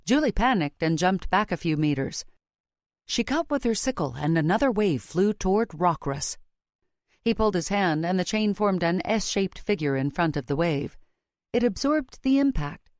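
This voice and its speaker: A woman with a lowish voice reads a fantasy audiobook in the first person, steady and measured. The recording is close and dry, with no room behind her. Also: dry recording. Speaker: audiobook narrator. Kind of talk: first-person scripted narration.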